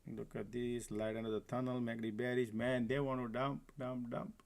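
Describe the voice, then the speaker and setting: A man runs a live stock trading stream, commenting on the market and chatting easily with viewers he calls folks, often breaking into laughter. His creaky, mid-range voice stays level at a normal speed, and at times he's far from the desk mic.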